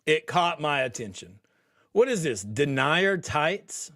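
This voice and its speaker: A man's voice: fairly high pitch, sing-song, slow pace, pushed and bright. A man hosting a podcast livestream, chatting casually with viewers in a rambling way, laughing often and restarting his sentences. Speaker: podcast host. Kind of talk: casual livestream chat reading viewer comments.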